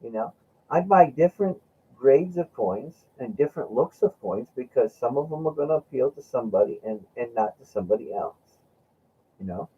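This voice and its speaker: Husky-voiced male host, lively pitch, lo-fi sound, chatty rambling storyteller. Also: normal speed. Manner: rambling, laughing, acts out friend's lines. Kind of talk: casual storytelling chat. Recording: dull lo-fi sound.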